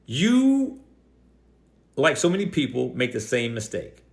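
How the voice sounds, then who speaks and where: A man's voice: mid-range voice, expressive, vocal fry. Combative man rebutting an opponent. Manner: combative, stresses key words with slow drawn-out emphasis. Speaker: Christian apologetics video host. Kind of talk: direct-address rebuttal.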